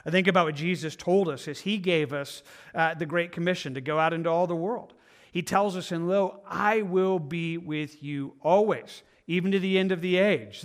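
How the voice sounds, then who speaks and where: A man's voice: on the high side, fairly bright tone. A male pastor preaching a sermon in an earnest, conversational way, sometimes acting out the inner voices of his listeners.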